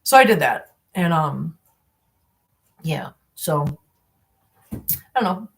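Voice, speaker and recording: A woman's voice: deep voice, animated, takes it slowly, creaky. A woman around sixty, chatting on a live stream from her home in a rambling, heartfelt way, and cooing baby talk at her cats. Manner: rambling, heartfelt, repeats herself. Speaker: cat-channel host. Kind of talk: casual live-stream chat.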